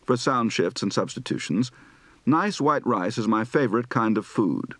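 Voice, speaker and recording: A man reading word lists and sentences slowly and deliberately, practicing a range of regional Southern US accents. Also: medium pitch, animated, fairly bright tone, dry recording.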